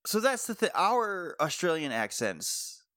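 A man co-hosting a casual podcast, laid-back and chuckling, dropping quick quips. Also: fairly high pitch, big pitch swings, fairly bright tone, no echo, clean studio sound. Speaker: podcast co-host.

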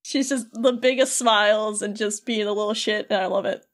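A woman co-hosting a podcast, recapping a video game in lively casual storytelling full of "like". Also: mid-range voice, normal speed. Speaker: podcast co-host.

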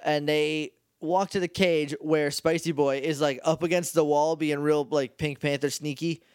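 On the high side and clean in tone, a male podcast co-host talks at normal speed in a clean studio recording with no echo. He goes over an episode in casual chat, animated, acting out the characters' dialogue as he recaps.

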